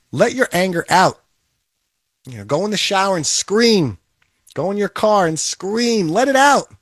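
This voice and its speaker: A man's voice: on the high side, dry recording. Emphatic man with a dry, close voice. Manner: emphatic, repetitive, rallying. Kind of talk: motivational monologue.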